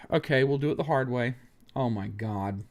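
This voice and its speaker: A man with a medium-pitched voice and measured pace live-streams a laptop repair. He swears at a website in exasperated, profane rants aimed at the screen, and mutters technical steps under his breath.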